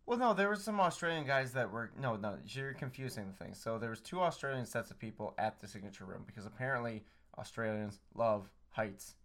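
A man's voice: medium pitch, animated, a little fast, few pauses, fairly bright tone. A man in casual chat, laid-back and wry in his banter.

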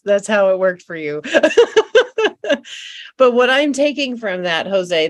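A woman's voice: on the low side, dry recording, clean studio sound. A woman in her forties hosting an interview, reflecting back and affirming her guest's story. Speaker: host. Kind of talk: interview conversation.

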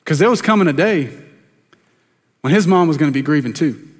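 High-voiced pastor preaching in a church. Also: male voice, animated. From South Carolina, US. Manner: conversational, self-deprecating preaching with quick asides to the congregation. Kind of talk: sermon. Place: church sanctuary. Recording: long church reverb.

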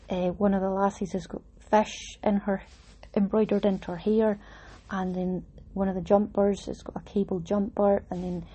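Chatty woman with a husky mellow voice. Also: mid-range voice. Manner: chatty, warm reminiscing with Scots words. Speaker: vlogger talking about her embroidery project. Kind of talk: casual storytelling.

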